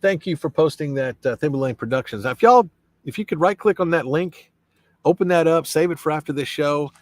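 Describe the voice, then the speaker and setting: A man's voice: a little high, brisk, dry recording. Chatty man hosting a live stream. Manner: rambling, reads viewer comments aloud and answers them; friendly, many fillers and restarts. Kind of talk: casual live stream chat.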